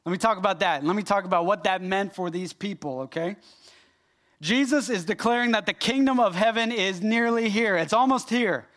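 Male pastor, higher voice, delivering an animated sermon straight to the congregation. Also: a little fast. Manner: animated and emphatic, addressing the room directly.

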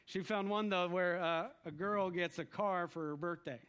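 A man from the United States preaching a lively sermon, with emphatic lists and short quoted voices. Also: sits high, moderate pace, clear, resonant tone.

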